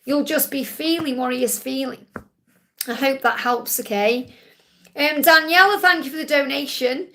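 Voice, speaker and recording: A high-pitched woman with a gravelly edge hosts a live card-reading stream. She reads out viewers' questions, passes on messages and reassures each one, often ending with "okay?". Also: moderate pace, bright, forceful tone, slight background noise. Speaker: psychic card reader.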